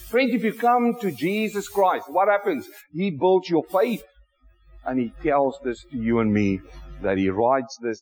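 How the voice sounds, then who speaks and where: A man preaching a sermon from a pulpit in a church, fervent, asking the congregation question after question and swinging between loud exclamations and low, intimate asides. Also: low-quality recording.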